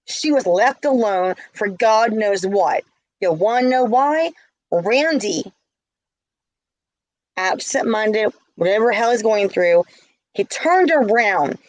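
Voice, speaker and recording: A woman's voice: medium pitch, animated, takes it slowly, no room sound, low-quality recording. A middle-aged woman telling a story in a casual vlog, heated and indignant. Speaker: vlogger.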